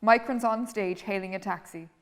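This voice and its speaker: A woman's voice: medium pitch, normal speed. A woman reading stage directions in a plain, matter-of-fact way. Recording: distant, reverberant theatre recording.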